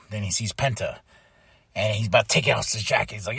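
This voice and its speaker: A man's voice: lowish voice, fast talker, vocal fry, a bit bright, husky, no room sound, studio quality. A man hosting a podcast, recapping wrestling in casual, profane chat and mimicking wrestlers as he goes. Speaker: podcast host.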